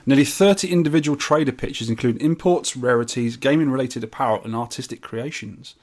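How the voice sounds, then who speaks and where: A man's voice: mid-range voice, fairly quick, darkish tone. A man co-hosting a casual podcast, chatting in a rambling, jokey way and reading out event news. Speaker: podcast co-host.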